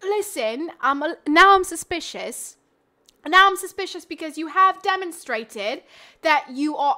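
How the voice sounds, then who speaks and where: Young woman game streamer, giggly, high pitched, desk mic, casual chat to viewers. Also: expressive, measured pace, sharp tone. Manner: giggly, chatty, talks straight to chat.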